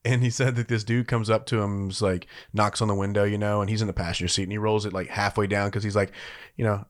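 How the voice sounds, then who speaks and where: Fields: low-voiced man, rambling podcast host. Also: level tone, fast. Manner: rambling storyteller, full of "like" and "you know". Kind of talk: casual chat.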